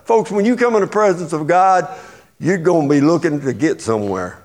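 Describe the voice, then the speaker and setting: A man with an East Texas accent preaching a sermon in a folksy, animated way, acting out quotes as he goes. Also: a little high, brisk.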